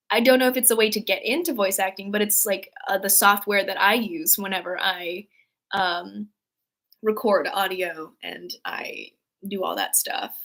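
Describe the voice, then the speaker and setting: A woman hosting a casual livestream, rambling with many fillers and restarts as she reads out chat messages. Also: a little high. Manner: worries her flat delivery sounds sarcastic. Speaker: livestream host reading chat.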